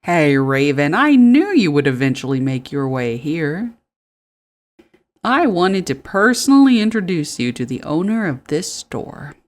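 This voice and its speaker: Woman reading an easygoing male game mayor, formal, lively lilt. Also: sits low, a little slow. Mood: welcoming. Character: friendly town mayor, man.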